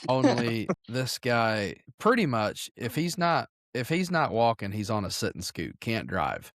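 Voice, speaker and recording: A man's voice: medium pitch, big pitch swings, a little slow, fairly bright tone, no room sound, clean studio sound. A man chatting on a podcast, telling crude stories in a rambling way and correcting himself as he goes. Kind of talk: casual podcast chat.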